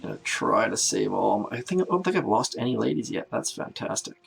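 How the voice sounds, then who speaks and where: A man's voice: lowish voice, sing-song, a little fast, gravelly, a bit bright, faint music behind. A man from Canada giving chatty live commentary while playing a strategy game, greeting viewers as he goes. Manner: chatty, self-narrating, greets viewers by name. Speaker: game streamer.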